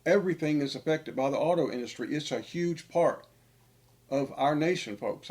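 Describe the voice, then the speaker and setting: A man's voice: fairly high pitch, moderate pace, a little mellow. A man, an online preacher delivering a sermon-style monologue, emphatic and repetitive for stress.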